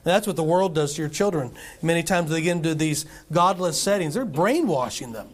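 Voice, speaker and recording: A man's voice: fairly high pitch, animated, fairly quick, hardly any pauses. A middle-aged man preaching a sermon in a church, talking with the congregation in a conversational way and asking them questions. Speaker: pastor. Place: church sanctuary.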